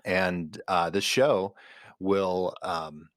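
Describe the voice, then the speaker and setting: Deep-voiced man rambling over a dry mic. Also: steady tone, extremely slow, no room sound. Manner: rambling, filler-heavy, enthusiastic recommending. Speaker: podcast co-host. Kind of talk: casual chat.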